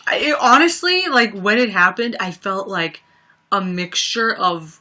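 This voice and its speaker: On her livestream, a young host speaks slowly in a fairly high, bright voice with a forceful tone and lively intonation. She's a chatty storyteller, full of fillers and frequent laughter, recorded through a webcam or phone mic.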